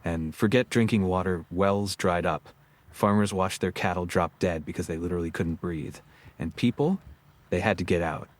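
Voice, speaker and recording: A man's voice: low-pitched, moderate pace. A man co-hosting a scripted podcast, telling history with wry jokes. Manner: joking, wry storytelling. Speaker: co-host.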